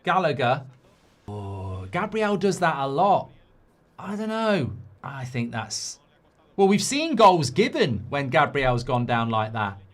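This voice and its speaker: A middle-aged man hosting a live football watchalong, reacting to the match. He swings between muttered analysis and loud outbursts. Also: medium pitch, slow pace. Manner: excitable, swings from muttering to shouting.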